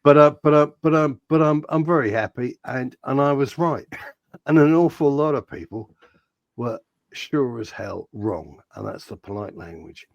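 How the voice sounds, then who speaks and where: Animated, gravelly man ranting. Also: mid-range voice, moderate pace, no room sound, dull audio. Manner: animated, sweary, mock-outraged ranting. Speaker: podcast host. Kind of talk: casual football podcast chat.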